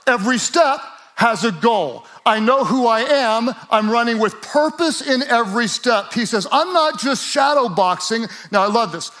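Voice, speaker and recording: A man preaching a sermon as a pastor, moving from relaxed joking asides to rising, emphatic exhortation, and asking listeners to repeat lines aloud. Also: very high-pitched, moderate pace, hardly any pauses.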